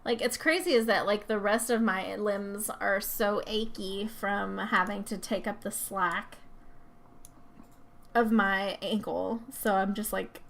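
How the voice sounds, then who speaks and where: A woman's voice: medium pitch, steady tone, slow pace, creaky, a bit bright, slight background noise. A woman hosting her gaming channel, giving casual let's-play commentary, chatty and prone to laughing as she coaxes her game characters along.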